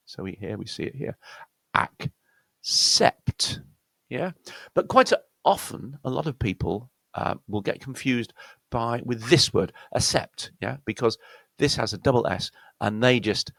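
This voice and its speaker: Gravelly British man teaching pronunciation. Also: mid-range voice, fairly bright tone, no echo. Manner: explains slowly with many fillers and self-corrections. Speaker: accent coach. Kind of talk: pronunciation lesson.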